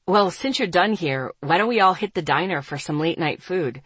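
A woman voicing a young man who smoothly covers for others in an easygoing, placating way. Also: on the low side, expressive, moderate pace, a bit bright, no room sound, pitched below the performer's own voice. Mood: casual.

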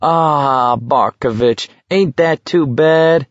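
A man's voice: on the high side, slow, no echo, highs cut off, pitched above the performer's own voice. A man voicing a jeering young male walker who taunts another.

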